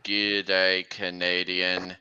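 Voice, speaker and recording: A man voicing a possessed, man-eating ghost freight car with a slow, deep, drawn-out growl, on a dull lo-fi recording. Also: completely flat delivery, bright, forceful tone, a little hiss or hum, heavily acted. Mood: menacing.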